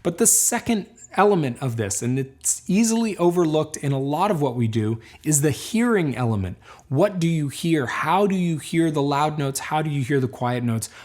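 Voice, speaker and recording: A man teaching a banjo lesson, explaining and encouraging in a calm, clear way. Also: a little high, moderate pace, few pauses. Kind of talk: instructional lesson.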